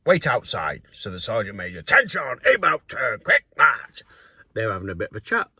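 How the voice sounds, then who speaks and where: A man's voice: medium pitch, breathy edge, no room sound. A middle-aged man casually telling a personal story to camera, acting out the voices of the people in it. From North East England. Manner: animated anecdote with acted quotes and laughs. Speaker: grass cutting business owner and vlogger.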